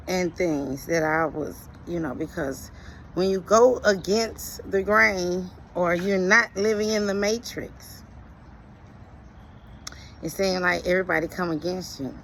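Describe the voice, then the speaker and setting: A middle-aged woman speaks slowly and deliberately, her voice carrying a gravelly, frayed texture. She delivers an earnest, preachy monologue of life lessons. Faint traffic passes in the background. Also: fairly low pitch, a bit bright, rough recording. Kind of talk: reflective motivational monologue.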